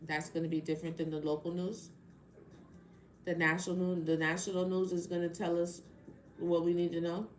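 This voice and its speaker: A woman's voice: on the low side, little pitch movement, brisk. Heated, sarcastic woman ranting on a live stream. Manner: heated, exasperated and sarcastic, with rhetorical questions. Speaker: tarot reader hosting a live stream. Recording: roomy live-stream audio with faint background noise.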